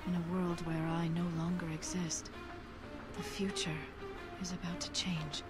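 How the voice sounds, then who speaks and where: An actress voicing a mysterious, solemn woman who narrates in a slow, hushed way over a game intro. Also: fairly low pitch, flat delivery, natural voice. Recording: game audio with loud music.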